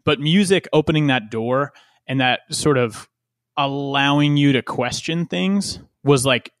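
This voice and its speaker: A man talks in a relaxed, meandering way, stacking fillers and restarting his sentences. His voice sits at an ordinary pitch. It is recorded close and dry, with no room sound. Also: unhurried, no room sound. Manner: rambling, many fillers and restarts. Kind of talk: casual conversation.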